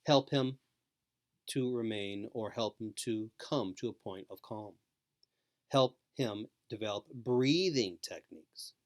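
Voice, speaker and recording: A man giving a scripted training lecture to caregivers, speaking slowly with calm, repetitive emphasis. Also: lowish voice. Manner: slow, repetitive, soothing emphasis.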